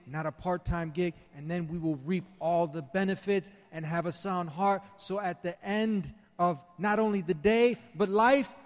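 A man hosting a live talk show at a conference, wrapping up with an upbeat promotional sign-off. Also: sits high. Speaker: host. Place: conference hall. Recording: long reverb of a conference hall.

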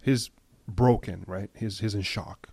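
A man giving impassioned news commentary, emphatic at times and dropping to a hushed, grave tone. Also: on the low side, measured pace, vocal fry, slightly rough, no echo. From United States.

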